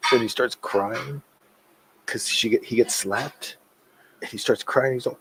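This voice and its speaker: A man appearing as a guest on a video-call podcast, retelling movie scenes in a relaxed, casual way. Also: mid-range voice, normal speed, vocal fry, noisy background. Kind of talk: casual chat.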